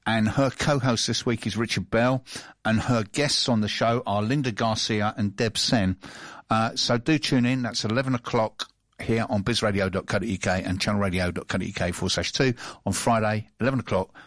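Man, radio host, low voice, dry studio sound, relaxed agreeable chat. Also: fairly quick, no room sound. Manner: relaxed, agreeable, frequent backchannels.

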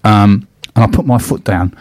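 A man's voice: on the low side, normal speed, a little mellow, no echo. A man hosting a casual chat, telling rambling stories with restarts and laughs. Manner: chatty anecdotes, frequent restarts and laughs. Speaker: host.

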